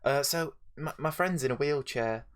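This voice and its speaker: A man's voice: a little high, normal speed, clean tone, natural voice. A man doing a fussy carer in a silly accent. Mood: earnest. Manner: odd made-up accent, slightly raised voice. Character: fussy male carer from a sketch show.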